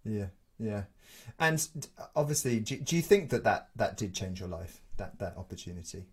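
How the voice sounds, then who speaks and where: A man's voice: on the low side, lively intonation. A man interviewing a guest in a casual chat, often repeating words as he shapes his questions. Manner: halting, repeats words while forming questions.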